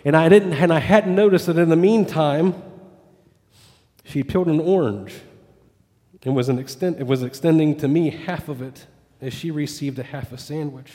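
A man's voice: on the high side, normal speed, mellow, in a large hall. A pastor telling a story in a sermon, voicing quoted dialogue as he goes. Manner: retells a story with quoted dialogue, rising and falling with it.

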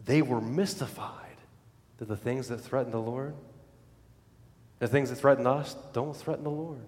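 A man preaching a sermon as pastor, dramatic, dropping to hushed low lines and then rising to loud exclamations. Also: steady tone, normal speed, long reverb tail.

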